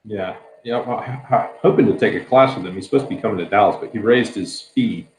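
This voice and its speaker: Male host, low voice, relaxed chat, echoey room with faint hiss. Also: fast talker. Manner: laid-back, laughs often. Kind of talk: casual livestream chat.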